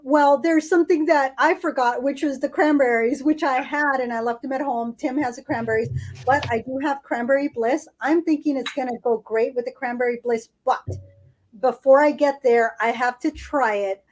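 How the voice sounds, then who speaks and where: A woman's voice: sits high, moderate pace, poor audio. A woman co-hosting a podcast, chatting casually and savoring food as she tastes it aloud. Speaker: podcast co-host. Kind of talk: casual food-tasting chat.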